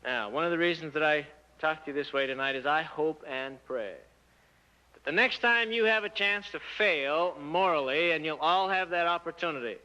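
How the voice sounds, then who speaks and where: A man giving a church talk to teenagers, an animated storyteller who asks rhetorical questions and acts out the dialogue. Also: on the high side, normal speed. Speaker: church speaker addressing youth. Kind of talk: sermon-style talk to teens. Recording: muffled lo-fi recording.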